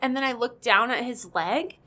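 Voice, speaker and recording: A woman guest on a chat podcast, telling a story in an animated, dramatic way and swearing casually. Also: fairly high pitch, moderate pace.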